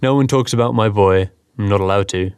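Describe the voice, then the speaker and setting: Old rural farmer, grief-stricken and gruff, low and dry, read by a man. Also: a little fast, no room sound, natural voice. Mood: sorrowful. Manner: gruff, then sorrowful. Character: grieving old male farmer, wary and haunted.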